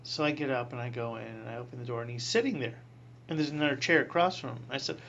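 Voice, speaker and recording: A man in his sixties, a priest, telling a personal story in an interview, animated, acting out voices and laughing often. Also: medium pitch, fast, highs cut off.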